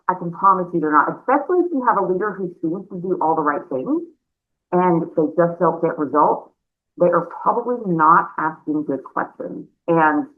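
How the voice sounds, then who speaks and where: A woman's voice: deep voice, slight background noise. Chatty woman trainer on a tinny line. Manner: chatty and animated, addresses listeners as y'all. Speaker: sales and business trainer. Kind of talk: conversational training talk. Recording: narrow phone-like sound.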